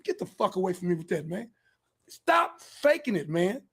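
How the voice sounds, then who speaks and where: High-pitched man ranting fiercely. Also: sing-song, moderate pace, vocal fry, husky. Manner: fiery, profane, preachy, bursts into shouting. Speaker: podcast host. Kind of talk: heated monologue.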